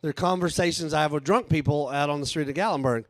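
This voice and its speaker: A man's voice: fairly high pitch, fast, dry recording, studio quality. A man doing a rambling, crude stand-up set on a live stage, laughing at his own jokes. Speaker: stand-up comedian and author.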